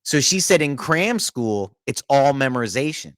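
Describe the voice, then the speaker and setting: A man's voice: mid-range voice, animated, normal speed, fairly bright tone, dry recording. A middle-aged man hosting a podcast, telling a long story in casual chat, with frequent restarts and laughter. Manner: rambling, restarts often, laughs through the story. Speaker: podcast host.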